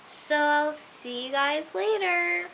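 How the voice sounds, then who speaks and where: A woman reviewing a TV episode in a casual, gushing vlog, full of exclamations and filler words, sometimes dropping to hushed asides. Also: high voice, slow, a little hiss or hum, poor audio.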